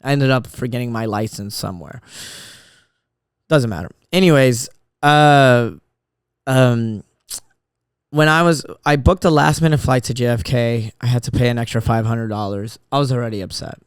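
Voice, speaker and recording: Guy in his 30s rambling thru a story on his podcast, smooth clear voice, dry studio sound. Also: medium pitch, moderate pace, dry recording. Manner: rambling, animated storyteller with many restarts and fillers. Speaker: podcast host.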